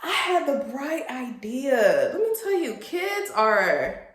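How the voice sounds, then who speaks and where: A woman in her late twenties tells a story on her vlog in an animated, expressive way. She talks slowly, and her fairly high voice swings widely in pitch. The sound has a roomy echo. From Haitian family. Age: late 20s. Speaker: vlogger.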